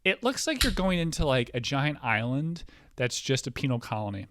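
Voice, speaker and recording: A man hosting a casual podcast, rambling excitably with lots of fillers, restarts and swearing. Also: medium pitch, normal speed, a little hiss or hum. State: hyper, excitable. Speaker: podcast host.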